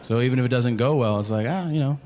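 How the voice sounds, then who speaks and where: A man in his thirties doing a stand-up comedy set, telling animated stories and acting out both sides of each conversation. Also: mid-range voice, fast. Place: comedy venue stage with audience laughter. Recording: live stage audio with audible background noise.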